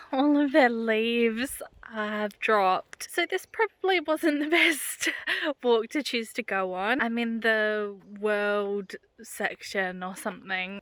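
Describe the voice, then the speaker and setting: A young Australian woman from Western Australia narrating a casual travel vlog outdoors on walking trails. She talks in a relaxed, chatty way, often dropping into a hushed whisper. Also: on the high side, clean tone, dry recording. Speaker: travel vlogger. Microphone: handheld camera.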